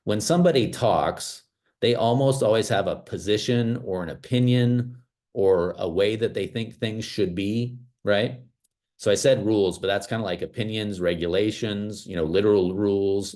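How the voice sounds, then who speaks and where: A man with a very low, deep voice gives a motivational talk over a video call. He speaks in an animated, emphatic way, leaning on casual fillers as he goes. He grew up in small-town America. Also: moderate pace. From small-town United States.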